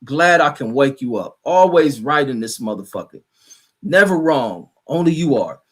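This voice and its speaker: A man's voice: medium pitch, animated, normal speed, a bit bright, breathy edge. A man hosting a livestream, ranting in heated, rambling, profane commentary and answering chat comments. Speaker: livestream host.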